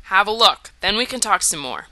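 Brief: audiobook reader doing a cryptic schoolboy, halting then insistent, crisp bright voice. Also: medium pitch, very animated, no echo. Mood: earnest. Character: earnest, cryptic teenage schoolboy. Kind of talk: audiobook character voice.

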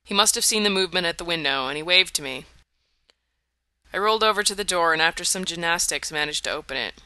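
An audiobook narrator telling a first-person story in a wry, measured way on a close mic. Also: mid-range voice, bright, forceful tone, clean tone, no room sound.

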